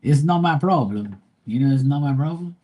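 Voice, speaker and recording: A man's voice: mid-range voice, animated, normal speed, warm tone, slightly rough. A man, chatting casually on a live stream and ranting bluntly with plenty of cursing. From Bermuda. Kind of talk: casual chat.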